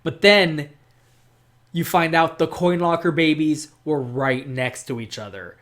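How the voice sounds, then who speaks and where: Casual gaming host, mid-pitched voice, rambly and excitable, swears a lot and fills every pause with "like.". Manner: rambling, fills speech with "like", restarts sentences. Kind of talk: casual unscripted game discussion monologue.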